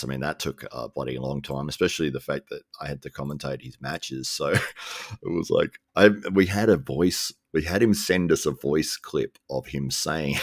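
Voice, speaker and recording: A man hosting a casual live stream, chatting in a relaxed, rambling way and chuckling often. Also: rumbling low, a little slow, creaky, dry recording, studio quality. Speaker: live show host reading chat.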